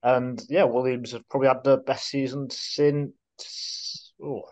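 A man with a middle-pitched, ordinary voice talks on a podcast with friends. He is easygoing and thinks aloud, hedging and filling pauses as he goes. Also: flat delivery, darkish tone. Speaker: podcast co-host. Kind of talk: casual podcast chat.

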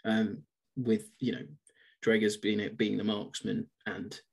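A man's voice: lowish voice, level tone, measured pace, creaky, a little mellow, slightly rough. A man co-hosting a podcast, who chats casually about a film and retells scenes at length with enthusiasm. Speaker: podcast co-host. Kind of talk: casual film review chat.

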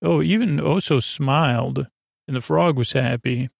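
A man hosting a sleepy bedtime podcast, rambling through an episode recap in an unhurried way with lots of fillers. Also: mid-range voice, vocal fry, no echo, studio quality. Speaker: podcast host.

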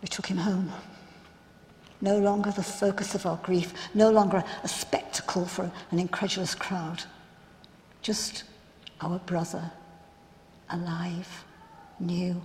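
A woman playing a grieving biblical sister in a first-person dramatic monologue, telling her story in an earnest, reflective, halting way. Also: on the low side, little pitch movement, darkish tone, slight background noise. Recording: long hall reverb.

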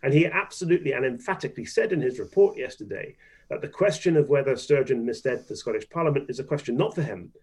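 A man's voice: medium pitch, animated, quick pace, a little mellow, husky. A man, a politician guest on a radio interview, speaking emphatically and repeating phrases for stress.

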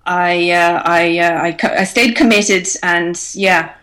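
A middle-aged woman from Ireland with an Irish accent, a guest talking over her life in a relaxed, reflective way with many restarts. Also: on the low side, slow. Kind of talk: casual interview chat.

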